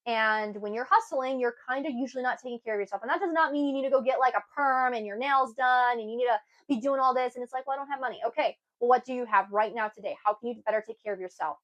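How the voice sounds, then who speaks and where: A young woman giving an earnest, emphatic self-help talk to camera, with sudden lively bursts. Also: on the high side, quick pace, hardly any pauses, highs cut off. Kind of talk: casual motivational talk to camera.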